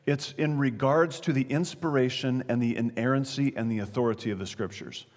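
In a long, reverberant hall, a man preaches a sermon conversationally, often checking in with listeners and asking the audience questions. His voice is medium-pitched, brisk, and darkish in tone.

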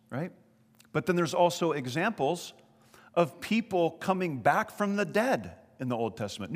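Earnest male pastor in reverberant hall. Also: fairly high pitch. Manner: earnest storytelling with emphatic rises. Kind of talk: sermon.

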